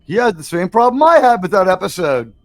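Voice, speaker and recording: A man's voice: high-pitched, big pitch swings, a little fast, dry recording. Blunt, profane man hosting a reaction chat. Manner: blunt, profane, laughs often. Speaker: host.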